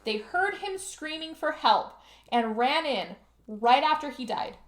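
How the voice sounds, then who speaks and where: This podcast host is a woman with a high-pitched, animated voice who takes her time. She chats her way through a movie's plot in a rambling, casual recap, swearing freely and often pausing to ask her listener "okay?"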